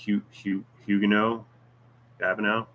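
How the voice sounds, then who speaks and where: A man's voice: on the low side, flat delivery, a little slow, fairly bright tone, dull audio, slight background noise. A man hosting a casual livestream Q&A, reading viewer comments aloud with jokes, teasing and rambling asides. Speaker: YouTube channel host.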